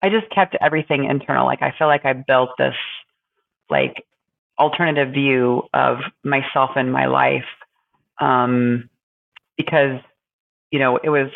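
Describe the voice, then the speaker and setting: Gravelly woman on a tinny line. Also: extremely low pitch, fairly even intonation. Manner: halting, thoughtful, many pauses and fillers. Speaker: podcast co-host. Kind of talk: casual reflective conversation.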